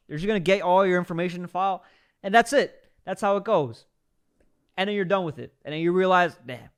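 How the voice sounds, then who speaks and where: A young host with a fairly high voice reacts to a clip. He talks in an animated, slangy way and keeps up a running commentary.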